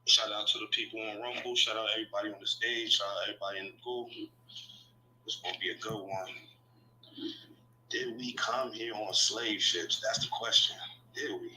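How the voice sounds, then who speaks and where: A man hosting a livestream debate in loose slang, giving shout-outs and laying out the rules. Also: lowish voice, a little hiss or hum, low-quality recording. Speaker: debate host. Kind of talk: casual hype-style livestream hosting.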